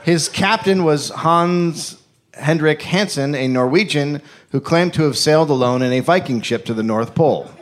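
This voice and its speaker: A man's voice: fairly high pitch, normal speed. Man, podcast host, live stage, reading history notes, frequent fillers. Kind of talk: comedic history storytelling.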